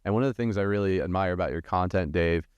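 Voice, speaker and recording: A male podcast host with a low, smooth, resonant voice speaks in a reflective, admiring way. The recording is dry and close. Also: fast talker, dry recording, muffled recording. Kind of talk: interview conversation.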